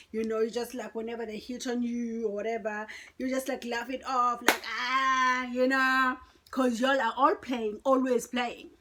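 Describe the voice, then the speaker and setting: A woman's voice: fairly high pitch, a bit bright. A middle-aged woman, telling a dramatic personal story to her viewers in a chatty way. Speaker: vlogger. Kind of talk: storytime vlog.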